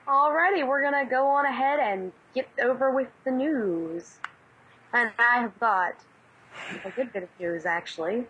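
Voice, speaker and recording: A woman's voice: fairly high pitch, normal speed, fairly bright tone, muffled recording, slight background noise. A woman in her twenties co-hosting a casual podcast over a Skype call, bantering and laughing easily while reading the news. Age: 20s.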